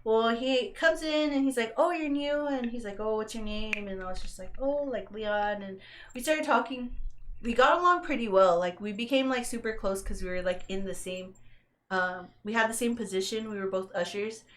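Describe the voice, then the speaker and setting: A woman's voice: on the high side, normal speed. A young woman co-hosting a podcast, telling a story in casual chat and acting out the lines she quotes. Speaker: podcast co-host.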